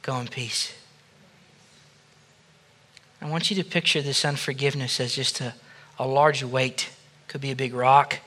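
A man, a pastor, leading a congregation through a slow, gentle guided prayer of forgiveness. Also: medium pitch, fairly even intonation. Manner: soft, slow prayerful guidance that rises to loud praise.

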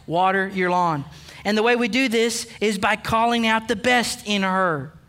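A man's voice: sits high, pushed and bright. A man pastor preaching a sermon, emphatic and direct, calling out the men with playful asides. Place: church sanctuary.

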